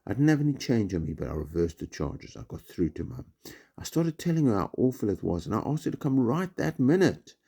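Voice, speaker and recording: A man, a teacher reading a children's book aloud in a lively storytelling way. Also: lowish voice, a little fast, vocal fry, husky. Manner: lively storytelling, voices for each character.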